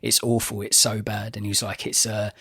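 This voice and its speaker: Wry low-voiced man reviewing films. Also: monotone, sharp tone, husky, dry recording. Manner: wry, measured, dry sarcasm. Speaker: podcast co-host. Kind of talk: casual film review chat.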